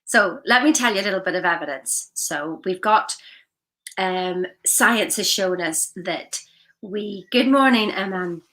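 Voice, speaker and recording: A woman's voice: mid-range voice, animated, measured pace, a bit bright. A woman coaching her viewers in an enthusiastic, effusive motivational vlog, talking outdoors into her phone. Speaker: life coach. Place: outdoors in the morning.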